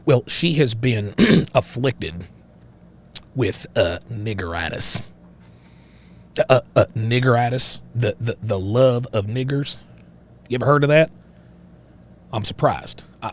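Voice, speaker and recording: A man voicing a bigoted, stern middle-aged backwoods father with a slow, drawling rural Southern accent and a lecturing manner. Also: on the low side, slight background noise. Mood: folksy, confiding. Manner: lecturing, interrogating, self-righteous. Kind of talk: improvised character voice on a livestream.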